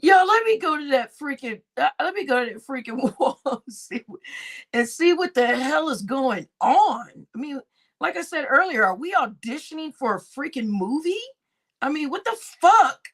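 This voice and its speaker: A woman's voice: high-pitched, animated, moderate pace. A woman hosting a casual livestream, laughing constantly between remarks and swearing freely. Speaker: livestream host.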